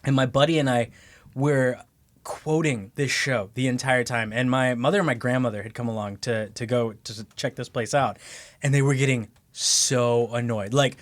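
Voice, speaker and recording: A man's voice: mid-range voice, fairly even intonation, moderate pace. A man co-hosting a podcast, telling a long funny story in casual chat, laughing often. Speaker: podcast co-host.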